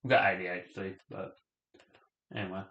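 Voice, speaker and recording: A man's voice: sits low, fairly even intonation, normal speed, echoey room, dull audio. A young man hosting a reaction video, chatting casually and rambling, trailing off and sometimes talking with his mouth full. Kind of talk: casual chat.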